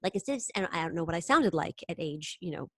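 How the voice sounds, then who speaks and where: An actress and impressionist talking about her craft in a casual interview, animated and quick to slip into voices. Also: fairly low pitch, no room sound, studio quality. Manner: animated, slips into sung impressions.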